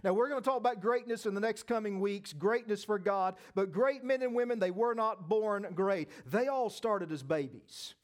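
A man's voice: high voice, expressive, moderate pace, hardly any pauses. A man preaching a sermon, emphatic and repeating his phrases as he speaks straight to the congregation. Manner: addresses the congregation directly. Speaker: pastor.

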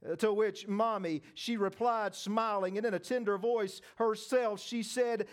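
High-voiced man preaching a sermon. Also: moderate pace, few pauses. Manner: emphatic preaching with repeated phrases; addresses the congregation directly. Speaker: pastor.

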